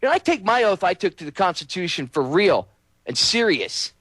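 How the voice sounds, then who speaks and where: A man's voice: high-pitched, very animated, fairly quick, no echo. A man hosting a show, delivering an angry, profane political rant. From United States. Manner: angry, shouting, profane and preachy. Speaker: host.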